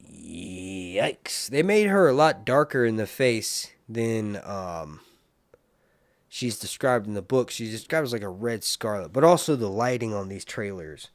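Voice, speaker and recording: A man's voice: fairly low pitch, normal speed, no echo. Rambling man livestreaming, dry mic. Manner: rambling, animated, mutters asides to himself. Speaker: livestream host reviewing a TV series. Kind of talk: casual livestream chat.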